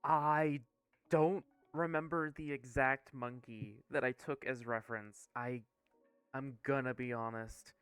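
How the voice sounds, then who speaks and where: A man's voice: mid-range voice, fairly even intonation, measured pace, a bit bright, clear, resonant tone, no echo, soft background music. A man running a tabletop game, narrating in a rambling, casual way and laughing at himself. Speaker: game master.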